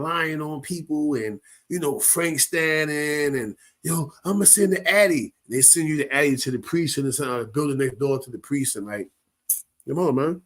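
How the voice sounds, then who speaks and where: This man's voice sits on the high side and sounds a bit bright. He hosts a show reacting to viral clips, tossing out slangy, casual remarks, frequently laughing and checking "you know what I mean."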